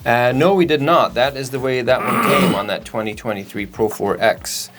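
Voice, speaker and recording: A man's voice: mid-range voice, lively intonation, normal speed, noisy background. A man co-hosting a parts store Q&A, answering in a plain, matter-of-fact way and spelling out part numbers. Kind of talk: casual Q&A chat.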